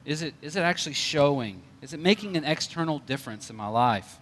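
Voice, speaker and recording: A man's voice: on the high side, expressive, fairly quick, fairly bright tone, long reverb tail. A male pastor preaching a conversational sermon with light jokes.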